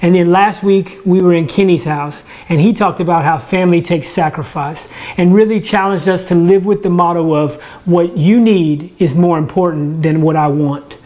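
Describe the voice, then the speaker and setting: At a moderate pace with hardly any pauses, a man speaks in a high-pitched, darkish voice. He leads a church ministry and gives a casual home sermon, talking conversationally while frequently restarting words and joking about himself.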